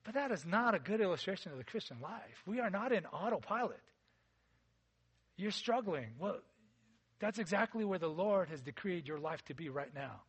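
A man preaching a sermon as a pastor, in a conversational way that swings between loud emphasis and quiet, intimate asides. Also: high voice, animated, moderate pace, breathy edge.

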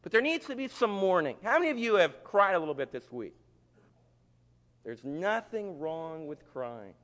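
Dramatic preacher in a reverberant hall. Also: male voice, sits high, sing-song, moderate pace. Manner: dramatic swings from shouts to hushed tones; acts out quoted voices of churchgoers. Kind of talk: sermon.

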